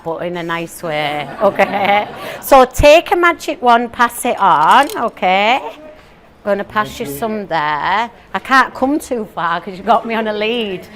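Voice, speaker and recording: A woman's voice: mid-range voice, a bit bright. A woman in her forties from northern England delivers a comic motivational talk to a live audience. She keeps it playful and chatty, throwing questions and asides at the crowd. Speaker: motivational speaker.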